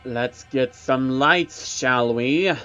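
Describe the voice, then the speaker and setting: Slow, gravelly demonic tormentor, put on by a man narrating, deep and taunting, in a horror storybook reading. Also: a bit bright. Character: deep mocking male demon in a soldier's helmet. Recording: dull recording with background music.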